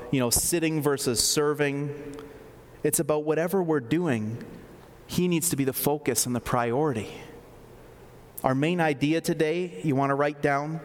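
A man's voice: a little high, a little hiss or hum. A man preaching a sermon in a conversational way, with fillers and asides. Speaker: pastor. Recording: long reverb of a large hall.

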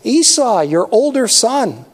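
A man's voice: very high voice, sing-song, slow, voice pushed up, exaggerated voice. A man voicing a desperate grown son who pleads in a raised voice. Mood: pleading. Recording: long hall reverb.

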